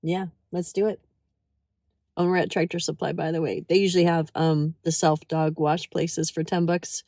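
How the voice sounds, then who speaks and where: A woman's voice: low voice, level tone, moderate pace, warm tone, dry recording. A middle-aged woman chatting casually to the camera as a vlogger, cooing at her dog in baby talk. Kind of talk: casual vlog chat.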